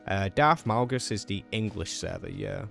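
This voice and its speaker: Fast-talking man streaming a game. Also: lowish voice, vocal fry, faint music behind. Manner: talks quickly in a relaxed, chatty way; reacts out loud to gameplay. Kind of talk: casual live-stream commentary.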